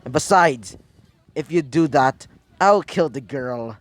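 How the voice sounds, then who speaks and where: A man's voice: mid-range voice, expressive, takes it slowly. A man voicing a threatening male sludge monster villain.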